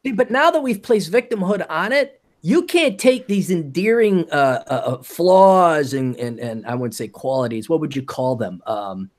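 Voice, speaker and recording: A man's voice: fairly high pitch, lively intonation, moderate pace, hardly any pauses. A man hosting a podcast in casual, profane chat, often slipping into put-on voices. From American. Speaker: podcast host.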